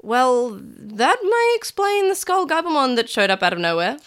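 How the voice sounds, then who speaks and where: A woman's voice: high-pitched, sing-song, moderate pace, a bit bright. A woman voicing a bossy, clever female bird creature in a story read aloud, blunt and know-it-all.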